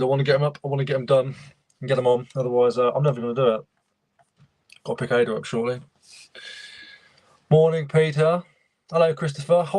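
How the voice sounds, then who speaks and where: A man's voice: a little high, darkish tone, no room sound. A young man, casually chatting and greeting viewers by name while he works on a livestream. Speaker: reseller livestream host.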